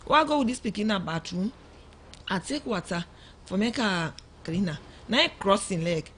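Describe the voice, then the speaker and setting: Sierra Leonean Krio-speaking mother, lively telling. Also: medium pitch, normal speed, slight background noise. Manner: animated storytelling, acts out quoted dialogue. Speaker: mother of a young girl, guest. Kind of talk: emotional first-person account on radio. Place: radio studio.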